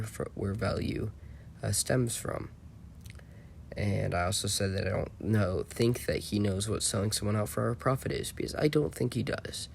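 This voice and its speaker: A man's voice: medium pitch, creaky, a little mellow, a little hiss or hum. A man talking over screenshots in a rambling, mocking, self-assured commentary voice-over. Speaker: channel host.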